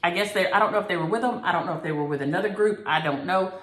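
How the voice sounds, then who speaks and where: A woman hosting a needlework vlog, telling a story in an animated, exasperated way. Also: on the low side, rapid-fire. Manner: animated, exasperated storytelling with Southern turns of phrase. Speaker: flosstube host. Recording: echoey room.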